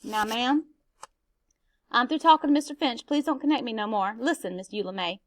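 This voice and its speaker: A woman's voice: on the high side, normal speed, lightly acted. A woman reading a novel aloud, giving a stern middle-aged housekeeper a raised, scolding voice. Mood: urgent.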